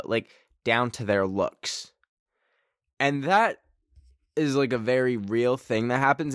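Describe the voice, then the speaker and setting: A man hosts a casual solo podcast from a darkened bedroom. He rambles and mocks himself, and his pitch jumps up without warning. The sound is dry and close, with no room echo. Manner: rambling, self-mocking, with sudden jumps in pitch. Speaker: podcast host.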